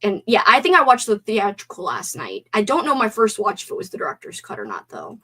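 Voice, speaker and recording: A young woman hosting a casual live stream movie talk, animated, swearing and gasping as she reads out chat comments. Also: medium pitch, a little fast, husky.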